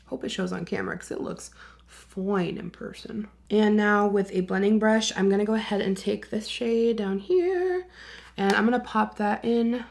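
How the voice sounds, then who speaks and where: A young woman talks straight to the camera in a relaxed get-ready-with-me chat while she does her makeup at home. She is chatty and candid and slips into soft whispers now and then. Her voice sits at an ordinary middle pitch. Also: normal speed, vocal fry. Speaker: beauty vlogger.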